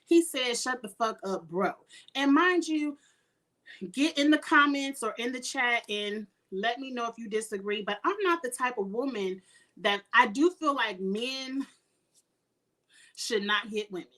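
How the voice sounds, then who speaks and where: A middle-aged woman, talking in a fairly high voice. She rants bluntly through a casual live recap with plenty of swearing and frequent throat clearing. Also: measured pace, bright, forceful tone. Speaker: reality TV recap host.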